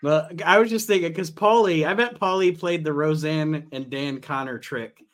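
Jokey podcast host, slightly high voice. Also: male voice, moderate pace, fairly bright tone. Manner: jokey, leads questions and sign-off. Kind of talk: casual chat.

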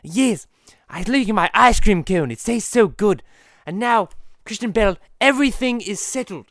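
A man's voice: high voice, lively intonation, moderate pace, a bit bright, no room sound, clean studio sound. A man doing a stammering cartoon baby. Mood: timid apologetic. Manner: timid, stammering apologies. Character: pompous cartoon baby boy.

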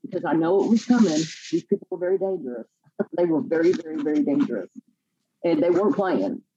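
A woman telling her own life story in a podcast interview, halting and repeating words as she fights back tears. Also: deep voice, lively intonation, warm tone, lo-fi sound, a little hiss or hum. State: near tears. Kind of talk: emotional personal testimony.

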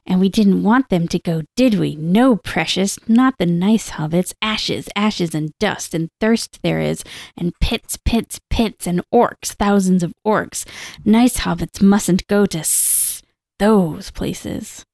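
Woman putting on a quiet raspy creature voice, sly and fearful, dry sound. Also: lowish voice, takes it slowly, dry recording, heavily acted.

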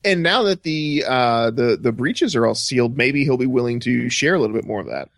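Man, podcast co-host, slight lisp, animated, dry sound. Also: medium pitch, brisk, no room sound. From American South. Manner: expressive, playful, slight lisp. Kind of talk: casual chat.

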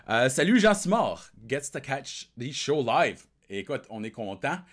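A man's voice: mid-range voice, sing-song, normal speed. Rambling bilingual male hockey show host. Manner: rambling, switches between English and French. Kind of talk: casual hockey podcast livestream chat.

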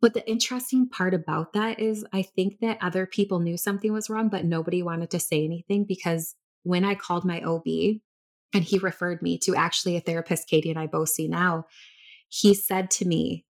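Lowish-voiced woman in her 30s, podcast host telling her own story, open and rambly. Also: steady tone, a little fast. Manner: candid personal storytelling, many restarts. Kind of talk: casual chat.

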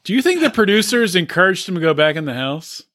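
A man chatting as a podcast co-host about a reality show, often stumbling and restarting. His voice is high and lively. The tone is bright. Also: fast. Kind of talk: casual chat, reality TV recap.

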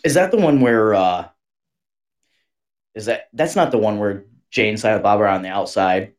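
A man's voice: lowish voice, normal speed. A man co-hosting a podcast, rambling in casual, profane chat over a video call. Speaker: podcast co-host.

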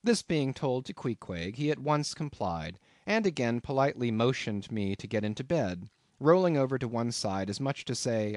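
A man reading a classic novel aloud as an audiobook narrator, in an expressive, dramatic way. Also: mid-range voice, moderate pace, no echo, clean studio sound.

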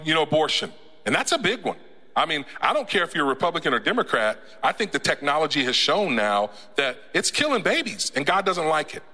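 A man preaching a sermon to his church in a relaxed, joking way, with laughs and frequent restarts. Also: on the high side. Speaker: pastor. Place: church sanctuary. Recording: church hall with long reverb.

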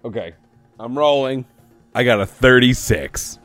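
A man's voice: mid-range voice, expressive, measured pace, a bit bright, faint music behind. A man playing a tabletop game, making wry jokes in casual chat. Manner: joking, wry. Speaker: player.

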